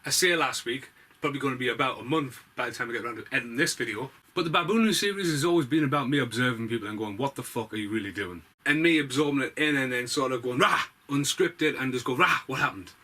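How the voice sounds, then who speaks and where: A man with a bright, forceful voice rants his way through a story, sweary and sarcastic. His talk is loose and unscripted, with lots of asides. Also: medium pitch, quick pace. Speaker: vlogger. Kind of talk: ranting storytelling monologue.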